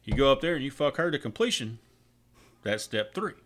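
A man's voice: medium pitch, animated, a little fast, fairly bright tone. Man telling crude bar jokes. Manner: drawling storyteller with crude punchlines. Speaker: podcast co-host. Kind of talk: casual joke-telling chat.

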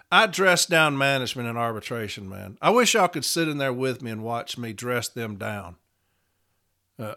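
A man's voice: a little high, pushed and bright. A man hosting a casual, profane monologue as a union steward, blunt and combative. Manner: blunt, combative, swears freely. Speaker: union steward podcast host.

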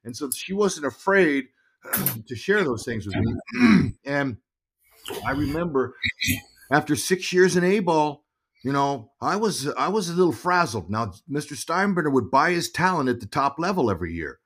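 Middle-aged man, interview guest, casual storytelling, animated, repeats himself. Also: on the high side, normal speed, slightly rough. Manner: animated storyteller, repeats words while thinking. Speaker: guest, former pro baseball player and broadcaster.

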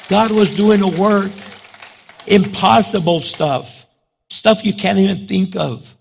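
A man's voice: takes it slowly, vocal fry, slight background noise. A middle-aged male pastor with a New Mexican Chicano accent, telling a story in a sermon and acting out the dialogue. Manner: animated, acts out dialogue with big pitch jumps.

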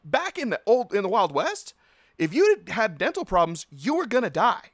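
A man's voice: high-pitched, wildly swooping pitch, moderate pace, no echo, clean studio sound. A man in his thirties hosting a solo podcast, ranting bluntly and swearing casually. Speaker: podcast host.

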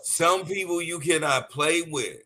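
A man co-hosting a podcast, chatting casually with profanity and animated storytelling full of stumbles and restarts. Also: a little high, measured pace, background noise. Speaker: podcast co-host. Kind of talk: casual chat.

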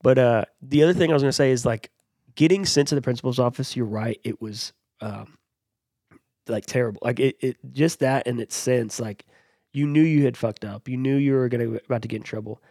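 A man co-hosting a casual podcast who jumps in with quick agreement and then spins his own stories. His voice sits at a middle pitch and sounds dry and close to the mic. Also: no echo. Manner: lively storyteller who quickly agrees and chimes in. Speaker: podcast co-host. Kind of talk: casual chat.

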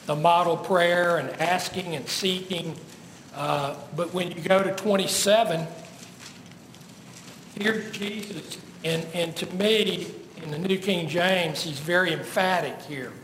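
A man with a high voice preaches in a slow, deliberate way, asking his listeners rhetorical questions and pressing home each point. His voice rings in an echoey room with a faint hum of ambience behind it. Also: a bit bright. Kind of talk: sermon.

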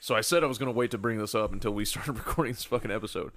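A man's voice: fairly low pitch, rapid-fire, a bit bright. A man co-hosting a podcast, telling a story in profane casual chat and laughing often. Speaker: podcast co-host.

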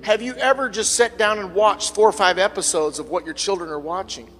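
A middle-aged man preaching a sermon as pastor, swinging from fervent shouting to quieter, conversational talk. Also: sits high, brisk, long reverb tail. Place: church sanctuary, at the pulpit.

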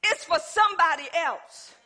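A woman delivers a sermon in a very high, bright and forceful voice. She talks in a folksy, emphatic way and keeps turning to the congregation for a response. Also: expressive, moderate pace. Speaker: preacher.

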